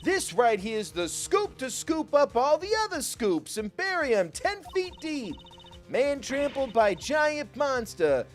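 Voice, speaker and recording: A man voicing a brash, excitable tabloid reporter with a put-on Texan drawl and drawn-out, hollering speech. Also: very high-pitched, faint music behind, voice pushed up, full character voice. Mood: gleeful.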